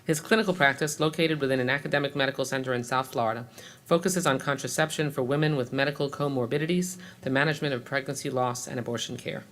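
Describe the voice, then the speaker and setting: Male hearing moderator, mid pitch, measured formal read of introductions, a few hesitant fillers. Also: steady tone, a bit bright. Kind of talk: formal reading of speaker introductions.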